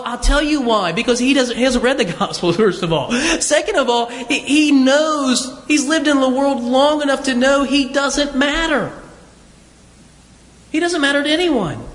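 Pastor guy preaching, really high voice, chatty, lots of questions and restarts, big reverby church. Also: fairly bright tone. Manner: conversational preaching with rhetorical questions and repeated words. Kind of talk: sermon.

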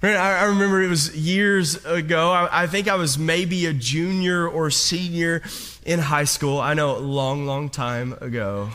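A man's voice: a little high, steady tone, unhurried, bright, forceful tone. A man preaching a sermon to his congregation, telling a personal story with many restarts and repeated words. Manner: speaks straight to the congregation. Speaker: pastor.

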